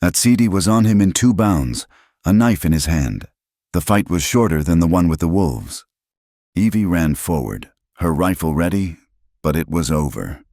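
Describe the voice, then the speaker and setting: Deep-voiced guy reading a western tale, dead dry sound, no room at all. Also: expressive, normal speed, a little mellow, no echo. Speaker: narrator. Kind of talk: scripted narration.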